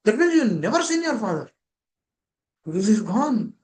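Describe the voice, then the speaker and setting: A man's voice: sits high, sing-song, moderate pace, low-quality recording. A man gives a devotional scripture class over a video call. He keeps asking rhetorical questions and linking ideas with "that means.".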